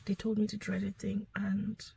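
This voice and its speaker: A young woman telling a painful personal story to camera, emotional and halting, sometimes sinking to a whisper. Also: medium pitch, completely flat delivery, creaky, dark tone, slight background noise, poor audio. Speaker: vlogger sharing her story.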